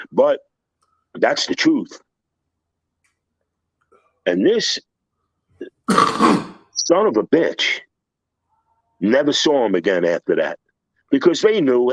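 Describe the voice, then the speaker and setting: A man's voice: medium pitch, no room sound, dull audio. Profane older man telling a heated story. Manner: profane, heated retelling with acted-out quotes. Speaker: construction contractor guest. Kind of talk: storytelling in a podcast interview.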